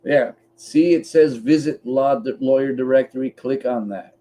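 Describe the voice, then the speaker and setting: Blunt, mellow-voiced Canadian man. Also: medium pitch, measured pace. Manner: blunt and chatty, swears freely; walks through a website on screen step by step. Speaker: podcast co-host. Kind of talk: casual chat.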